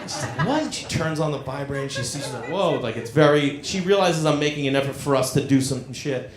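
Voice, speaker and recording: A middle-aged man telling a stand-up story on a comedy club stage, animated and acting out the voices of the people in it. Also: mid-range voice, quick pace. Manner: animated, acts out quoted voices. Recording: roomy club with loud crowd. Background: audience laughter.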